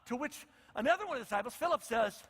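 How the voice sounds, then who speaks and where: A man's voice: very high voice, expressive, racing, fairly bright tone, husky, big-room sound. A male pastor preaching a conversational sermon, acting out the lines of the people in his story. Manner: conversational, acts out the disciples' lines.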